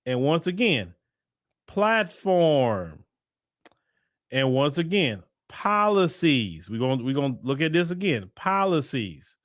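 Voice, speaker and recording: With a fairly high, slightly bright voice, a man delivers a very animated but slow political commentary on his solo show. He browses websites on screen, emphatically repeating rhetorical questions and tossing in sarcastic asides, all in a dry, studio-quality recording.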